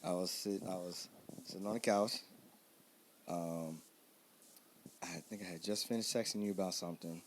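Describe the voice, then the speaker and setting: A man's voice: low voice, steady tone, moderate pace, long pauses, a little hiss or hum. A man co-hosting a casual podcast chat, telling rambling stories and laughing often. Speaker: podcast co-host.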